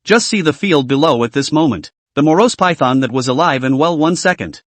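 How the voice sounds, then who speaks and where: Brief: male narrator, lively read-aloud story recap, fairly high voice. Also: a little fast, no room sound. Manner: steady read-aloud delivery.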